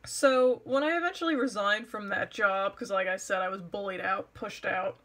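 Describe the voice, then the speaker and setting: A woman's voice: medium pitch, normal speed, fairly bright tone. Exasperated young woman ranting sarcastically. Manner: exasperated, sarcastic, mocks others' words. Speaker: vlogger. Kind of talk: personal storytime rant.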